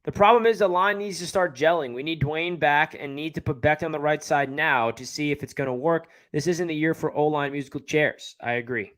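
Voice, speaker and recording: A man's voice: on the high side, fairly quick, hardly any pauses, fairly bright tone. A man with a New York area accent hosting a casual live stream, chatting and answering viewer comments as he reads them. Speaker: livestream host.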